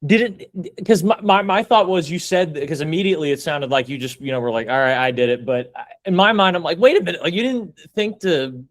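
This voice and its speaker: A man's voice: on the high side, brisk, few pauses, dry recording. A man hosting a podcast, asking rambling questions full of restarts and fillers. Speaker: podcast host. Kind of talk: casual interview chat.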